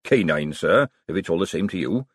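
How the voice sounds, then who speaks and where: A man's voice: sits low, expressive, fairly quick, fairly bright tone, husky, no echo, clean studio sound, exaggerated voice. A man voicing a nervous, hapless male chef who talks apologetically and miserably.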